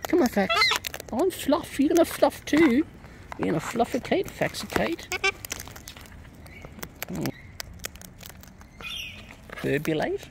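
A woman's voice: medium pitch, wildly swooping pitch, slow, creaky, long pauses. Sing-song woman cooing at her birds. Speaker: bird keeper filming her pets. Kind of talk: casual talk to pet birds. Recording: loud background noise with bird calls. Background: birds squawking and honking.

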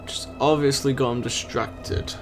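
A young man with a British accent talks his way through a video game in loose, sarcastic asides. His voice sits at an ordinary middle pitch. Faint game music plays underneath. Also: steady tone, unhurried. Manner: rambling, sarcastic running chatter. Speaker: gaming channel host. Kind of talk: let's-play commentary.

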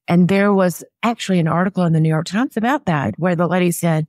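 A woman's voice: lowish voice, fast talker, few pauses, a little mellow, no echo, studio quality. A woman who works as a personal stylist, giving practical style advice in a conversational interview. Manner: practical, explanatory, chatty.

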